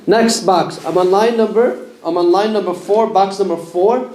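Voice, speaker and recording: High-voiced man drilling letters, echoey room. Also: moderate pace, a little mellow. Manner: drills letters aloud and quizzes the class with questions. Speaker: Quran recitation teacher. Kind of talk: classroom lesson on letter pronunciation. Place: mosque classroom.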